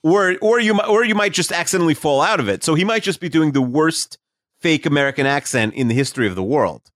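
A man's voice: on the high side, lively intonation, fast, fairly bright tone, no room sound, clean studio sound. A man co-hosting a podcast, speculating about a sitcom episode in casual chat, full of restarts and fillers. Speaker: podcast co-host.

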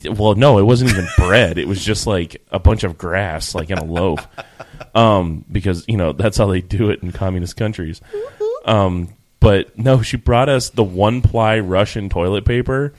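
A podcast host in easygoing conversation, winding through stories with frequent fillers and self-corrections. His voice sits on the lower side for a man. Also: moderate pace. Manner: rambling storyteller, many fillers and restarts. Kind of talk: casual chat.

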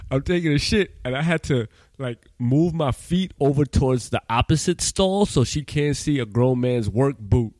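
A man's voice: medium pitch, lively intonation, moderate pace, hardly any pauses, darkish tone, no echo. A man in his thirties from Trinidad, hosting a podcast and telling profane stories in casual chat, laughing often. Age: 30s. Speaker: podcast host.

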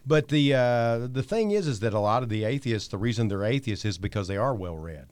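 A man's voice: mid-range voice, lively intonation, brisk, a little mellow, clean tone, no room sound. An older man speaking as an author guest on a radio talk show, plainspoken and blunt. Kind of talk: casual talk-show chat. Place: radio studio.

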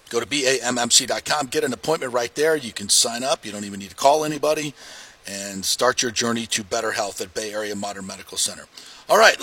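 A man hosting a local sports talk show and reading live ads, energetic and joking with loud emphatic delivery. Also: medium pitch, husky. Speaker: sports radio host.

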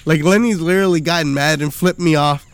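A middle-aged man with a rather high voice rambles through stories in a loose, drunken podcast chat. His talk is full of swearing, and he keeps circling back to the point. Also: fairly quick. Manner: profane, rambling storytelling. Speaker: podcast host.

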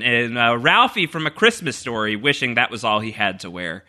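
A man hosts a podcast in loose, casual chat, circling his points with plenty of fillers and false starts. His voice is strikingly bright and moves up and down freely as he talks. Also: medium pitch, lively intonation, moderate pace, few pauses. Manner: rambling, full of fillers and restarts. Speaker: podcast host.

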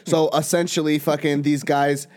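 A man's voice: fairly high pitch, moderate pace. A young man co-hosting a podcast, chatting casually with lots of swearing and frequent laughter. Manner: animated, swearing, laughing often. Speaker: podcast co-host. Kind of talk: casual chat.

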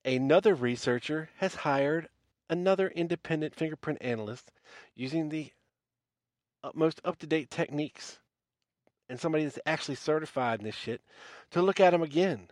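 A man's voice: a little high, moderate pace, a little mellow, no echo, clean studio sound. A man hosting a podcast, delivering a blunt, scornful rant full of profanity. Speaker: podcast host. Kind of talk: ranting monologue.

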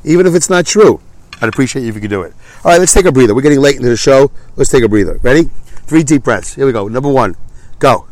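A man's voice: mid-range voice, lively intonation, fast, a little mellow, no echo. A man hosting a solo podcast, rambling and self-deprecating, his voice stuffy from a clogged nose. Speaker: podcast host. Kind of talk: casual solo podcast monologue.

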